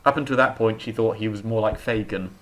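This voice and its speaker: A man's voice: lowish voice, a little fast, fairly bright tone. A man co-hosting a casual chat show, opinionated and talkative, often restarting his sentences. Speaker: podcast co-host.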